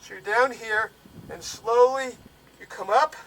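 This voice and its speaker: High-voiced man coaching stretches. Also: a little slow, creaky, recorded from a distance, rough recording. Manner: calm step-by-step coaching. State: slightly out of breath. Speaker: bodywork instructor. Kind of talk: guided stretching instruction.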